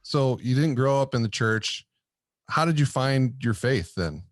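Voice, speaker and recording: A man's voice: mid-range voice, expressive, a little slow, dry recording, studio quality, faint music behind. A man hosting a podcast, asking questions and giving short encouraging responses. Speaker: podcast host. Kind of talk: interview questions.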